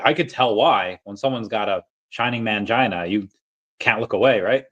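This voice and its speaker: Self-amused male streamer, lower voice, reads chat off a dull lo-fi tablet mic. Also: a little fast, a bit bright. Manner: rambling, self-amused, chatty. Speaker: livestream host. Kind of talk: casual livestream chat reading. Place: empty basement room.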